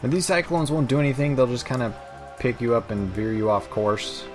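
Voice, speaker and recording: A man's voice: medium pitch, lively intonation, brisk, music in the background. A young man hosting a let's play, chatting in a rambling, self-mocking way with many fillers. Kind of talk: gameplay commentary.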